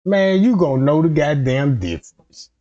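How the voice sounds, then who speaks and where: A man's voice: on the high side, lively intonation, moderate pace, dark tone. A man in a casual comedic rant, profane and rambling, jumping into quoted voices, on a dull lo-fi recording.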